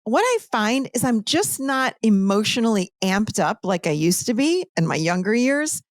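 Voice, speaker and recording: A woman's voice: a little high, big pitch swings, normal speed, dry recording, studio quality. A woman coach talking emphatically in a casual interview, repeating her points for stress.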